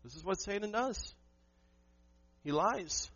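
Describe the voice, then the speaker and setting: A man's voice: fairly high pitch, expressive, slow pace, fairly bright tone, slightly rough, dry recording, highs cut off. A man preaching a sermon to his church, emphatic and asking the congregation questions. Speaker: pastor.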